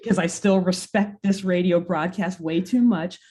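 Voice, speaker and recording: A woman co-hosting a podcast, telling a story in a casual, animated way with lots of "like.". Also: lowish voice, normal speed. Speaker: podcast co-host.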